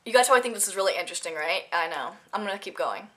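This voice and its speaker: Bright-voiced chatty teen girl vlogger. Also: medium pitch, animated, very fast. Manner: chatty, giggly, rambling storytelling. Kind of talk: casual unscripted vlog chat.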